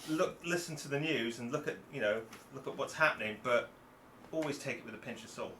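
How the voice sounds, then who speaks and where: A male co-host with a very lively, swooping voice, teasing his partner in casual banter. His pitch runs a touch high. The room sounds echoey, with faint noise behind. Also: fairly quick. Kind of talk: casual live-stream chat.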